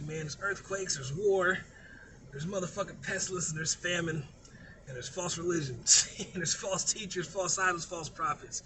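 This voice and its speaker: A man's voice: fairly high pitch, background noise. A man giving a profane, emphatic and preachy unscripted rant as a vlogger.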